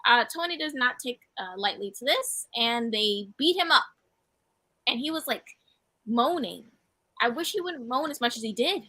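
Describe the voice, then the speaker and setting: A woman with a bright, slightly high voice co-hosts a wrestling review show. She recaps the matches in an easy, chatty way. The recording is close and dry. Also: animated, normal speed, no echo. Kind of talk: casual wrestling review chat.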